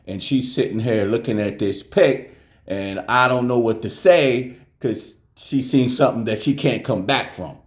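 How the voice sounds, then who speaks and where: A man's voice: medium pitch, unhurried, reverberant. A man telling a casual story to his viewers at home, acting out every person's voice as he goes. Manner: animated, acts out everyone's voices. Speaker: vlogger.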